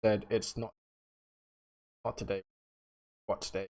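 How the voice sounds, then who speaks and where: A man's voice: flat delivery, measured pace. Young man rambling on a livestream. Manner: rambling, slangy, laughs, swings between loud outbursts and low mutters. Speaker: livestream host chatting with viewers. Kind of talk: casual livestream chat.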